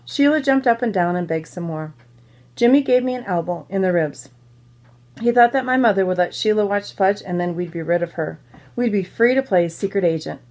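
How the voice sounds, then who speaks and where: A woman teacher reading a children's novel aloud to her students, pausing to explain words and ask questions. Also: mid-range voice, expressive, a little mellow. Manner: pauses to explain to listeners.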